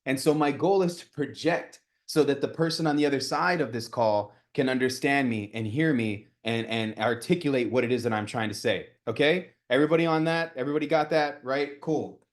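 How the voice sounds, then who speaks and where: A man in his thirties coaching a live group on real estate cold calling, energetic and talking with his hands, often checking in with "right?". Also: mid-range voice, brisk, few pauses.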